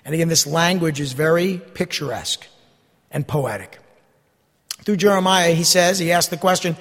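A man's voice: a little high, animated, moderate pace, fairly bright tone, long reverb tail. A man preaching a sermon, reading scripture aloud and asking his listeners "Amen?". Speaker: pastor.

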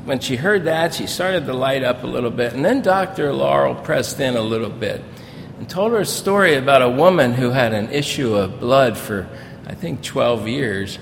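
An older man preaching as a pastor, telling personal stories in a folksy, storytelling way that grows animated in places. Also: moderate pace, creaky. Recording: reverberant hall with faint rumble.

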